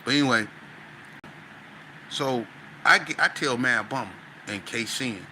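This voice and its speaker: A man from Las Vegas, a podcast guest, telling a story in casual, animated street talk that grows loud and high when he gets excited. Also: unhurried, a little hiss or hum, low-quality recording. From Las Vegas, West Side.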